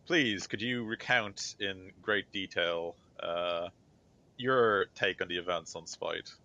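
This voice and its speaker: A man's voice: sits low, slow pace, pushed and bright, full character voice. A man voicing a stern male grand inquisitor who presides over a trial in a tabletop game, speaking in a formal, cold and judging manner. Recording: slightly dull lo-fi mic.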